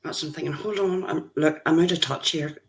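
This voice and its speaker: A woman's voice: sits low, brisk, slight background noise. A woman in her fifties, a grandmother, hosting a casual livestream and chatting with viewers, greeting them by name as they join. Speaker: livestream host.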